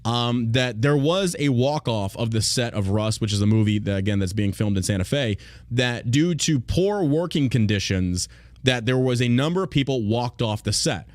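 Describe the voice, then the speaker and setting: A man's voice: medium pitch, expressive, moderate pace, no room sound. Guy podcast host, swearing a lot, blunt and mocking, dry close mic. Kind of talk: casual podcast rant.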